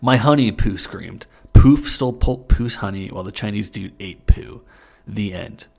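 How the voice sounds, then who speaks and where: A young man with a low, gravelly voice reads fan fiction aloud for a comedy podcast. He stumbles over the text and breaks into laughter often, speaking into a studio mic with a pop filter. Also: unhurried, warm tone.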